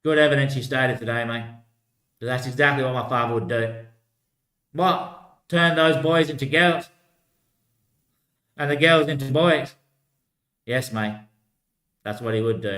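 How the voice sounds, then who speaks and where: This man's mid-range, fairly bright voice is unhurried, with long pauses, echoing around the room. A vlogger rambling solo, he keeps circling back, saying "mate" and "bloody hell" a lot and laughing often.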